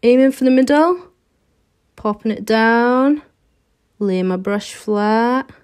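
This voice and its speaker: A woman's voice: fairly high pitch, slow pace, a little mellow, clear, resonant tone. A woman giving a chatty, step-by-step live nail art tutorial while she works.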